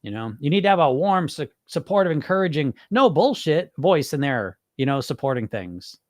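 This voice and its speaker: A male podcast host talks loosely through viewer comments. He rambles and swears freely. His voice sits on the higher side, and the sound is dry and close. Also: normal speed, no echo. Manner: animated, profane, rambling. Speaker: podcast host and weight-loss coach. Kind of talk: casual podcast chat answering viewer comments.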